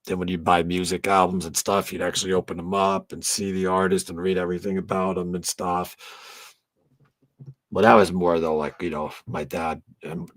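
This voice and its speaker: A man's voice: deep voice, level tone, normal speed, fairly bright tone, no room sound. A man hosting a fan channel in a casual late-night live stream chat, rambling along and swearing freely. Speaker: host of a fan tribute channel.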